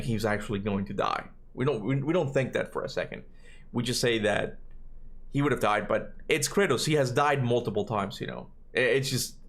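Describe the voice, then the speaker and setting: A man in his thirties, not a native English speaker, chatting casually on a livestream, rambling and tagging his points with questions, his voice cracking now and then. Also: mid-range voice. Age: 30s. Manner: rambling, tags questions with "right?". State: occasional voice cracks. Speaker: streamer.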